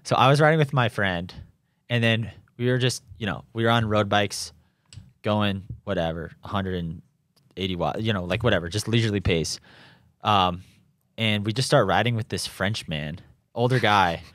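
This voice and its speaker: A man's voice: fairly low pitch, moderate pace, a bit bright, no echo, studio quality. A young man, a professional triathlete, chatting loosely in an interview, full of restarts and fillers. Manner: rambling, many restarts and fillers, laughs at his own stories. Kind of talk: casual conversational interview. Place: home in Boulder.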